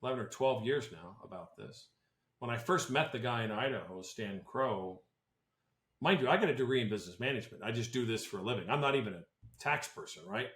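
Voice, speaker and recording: A man's voice: mid-range voice, animated, brisk, a bit bright. A man who advises on tax planning talks on a podcast in a casual, blunt and opinionated way, often restarting his sentences. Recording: roomy echo.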